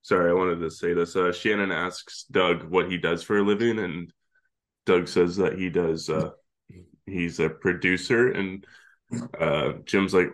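With a low, steady, unhurried voice, this podcast co-host chats casually through a long plot recap, mixing in laughter and an occasional curse.

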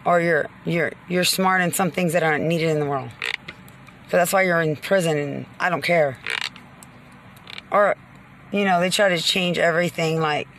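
Woman venting angry at the camera, raspy fry in her voice, all over the place. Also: lowish voice, normal speed, long pauses, a bit bright, a little hiss or hum. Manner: accusing, agitated, rambling. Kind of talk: angry rambling rant to camera.

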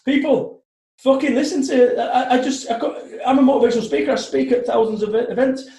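A man's voice: very high voice, a little fast, echoey room. A man in his forties, a motivational speaker, telling stories bluntly and with plenty of swearing. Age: 40s. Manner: blunt, sweary, animated storytelling. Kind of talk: podcast conversation.

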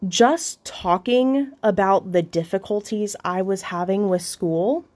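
With a medium-pitched, slightly mellow voice, this young woman podcast host tells a confessional personal story. She speaks haltingly, restarting often, and swears now and then.

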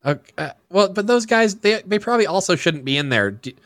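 A man playing a tabletop game, eager and excited. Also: sits high, a little fast, no echo, clean studio sound. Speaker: player.

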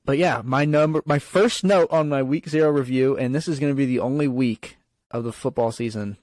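A man's voice: mid-range voice, brisk, darkish tone, no room sound. A man co-hosting a podcast, chatting casually about football with lots of fillers and restarts. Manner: rambling, filler-heavy. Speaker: podcast co-host. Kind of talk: casual sports chat.

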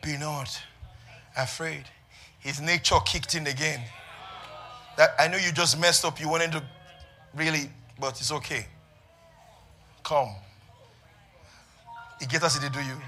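A male pastor preaching an impassioned sermon, swinging between hushed asides and shouted passages. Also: a little high, steady tone, a little slow, long pauses, soft background music.

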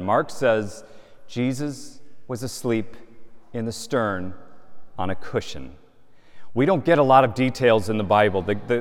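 Bishop preaching in a reverberant cathedral. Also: male voice, fairly low pitch. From Gulf Coast of the United States. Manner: earnest, conversational preaching with rhetorical questions. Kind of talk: sermon. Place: large cathedral.

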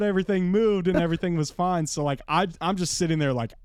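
A young man with a smooth, clear voice, recorded close and dry with no room sound. He tells a story in loose, casual chat and swears freely. He pushes his voice up high whenever he acts out what other people said. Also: fast talker, few pauses, no room sound. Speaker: podcast co-host.

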